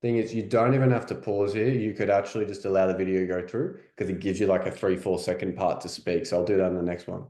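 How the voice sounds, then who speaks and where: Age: adult. Sex: man. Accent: Australian. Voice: low and mellow. Style: casual French coaching, chatty, repeats phrases slowly. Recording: roomy, echoey. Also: fairly even intonation. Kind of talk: language lesson. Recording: roomy echo.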